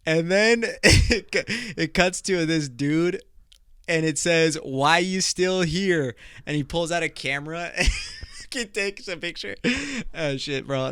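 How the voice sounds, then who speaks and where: A man's voice: mid-range voice, a bit bright, clean tone, no room sound, clean studio sound. A young man hosting his own podcast, chatting casually in slangy, profane talk and laughing often. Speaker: podcast host. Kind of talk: casual solo podcast chat.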